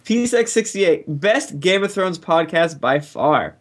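Male podcast co-host, animated delivery, reading reviews aloud with playful banter. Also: fairly high pitch, takes it slowly. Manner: lively, reading names in a playful drawl.

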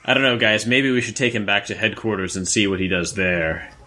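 Lowish-voiced male player. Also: steady tone, fairly quick, sharp tone. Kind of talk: casual tabletop game chat.

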